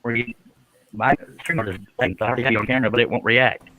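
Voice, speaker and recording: A man's voice: medium pitch, fairly even intonation, fast, noisy background. A middle-aged man hosting a live stream, chatting casually, joking about himself and greeting viewers by name.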